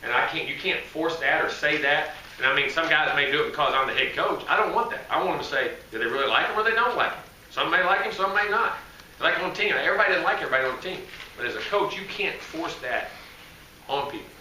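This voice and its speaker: A man's voice: fairly high pitch, animated, fast talker, pushed and bright, far from the mic. A man, a head football coach answering press questions in a rambling, folksy, self-correcting way. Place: media day press room. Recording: echoey room, voice from afar, faint noise.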